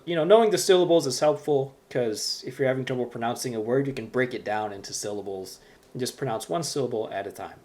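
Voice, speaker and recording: A man's voice: medium pitch, darkish tone. A man teaching a Hebrew reading lesson, patiently explaining step by step with frequent fillers.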